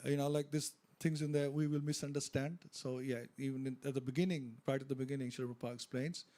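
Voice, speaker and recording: Man, mellow voice, halting plain speech, temple class discussion. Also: medium pitch, fairly even intonation. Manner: adds a point, halting and plain. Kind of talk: informal devotional discussion. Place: temple hall.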